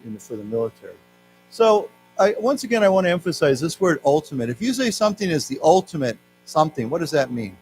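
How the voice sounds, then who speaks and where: An American man teaching English to a class, explaining words slowly, having the class repeat them, and dropping Mandarin words into his explanations. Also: mid-range voice, poor audio. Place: lecture room with audience. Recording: faint music and mains hum behind.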